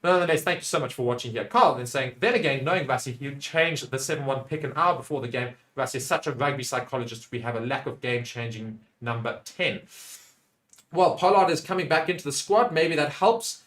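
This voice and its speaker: Fast-talking South African rugby commentator. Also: male voice. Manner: excitable, rising loudly on attacking plays; drops to a low, quiet aside when reading chat. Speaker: watchalong commentator. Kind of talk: live play-by-play commentary.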